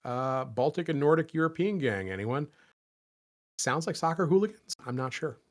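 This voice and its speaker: A man's voice: fairly high pitch, lively intonation, normal speed. A man who does voice acting, answering fan questions in a loose, rambling way with lots of fillers and jokes. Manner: rambling, self-deprecating, many fillers. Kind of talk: casual Q&A chat.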